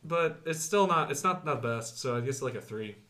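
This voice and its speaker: A man's voice: mid-range voice, expressive, normal speed, a bit bright, roomy sound. A man hosting a casual chat, recounting things in a chatty way and laughing as he talks. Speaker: podcast host.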